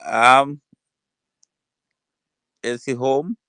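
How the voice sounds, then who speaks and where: A man with a Kenyan English accent hosting a live audio room, calmly calling on speakers. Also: medium pitch, very slow, clean tone, no echo, clean studio sound. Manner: calm, calls on speakers by name. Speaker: host of a live audio space.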